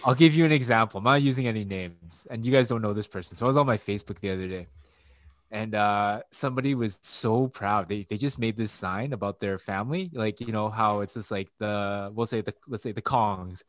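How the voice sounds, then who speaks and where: A man's voice: lowish voice, fairly quick, a bit bright, no room sound. Canadian-raised guy ranting on a podcast, swears a lot, gets all worked up, dry close mic. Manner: profane, gets worked up mid-rant. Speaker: podcast co-host. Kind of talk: casual chat.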